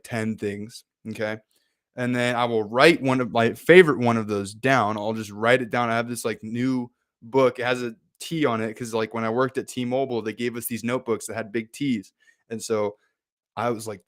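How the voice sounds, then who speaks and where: A laid-back man hosts a casual motivational talk, chatty and loose and full of fillers. His voice is smooth and clear, and it sounds dry and close. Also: mid-range voice, dry recording. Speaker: host.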